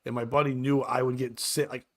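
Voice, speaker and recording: A man's voice: mid-range voice, flat delivery, brisk. A man hosting a casual comedy morning show, telling rambling stories full of stammers and restarts. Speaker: podcast host.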